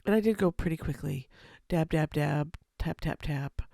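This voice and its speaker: A woman with a slightly scratchy voice, speaking low and softly over a watercolor tutorial, rambling with lots of ums. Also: moderate pace, gravelly, dry recording, studio quality. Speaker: watercolor painting instructor. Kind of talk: casual voice-over for a painting tutorial. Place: home, with a baby asleep in another room.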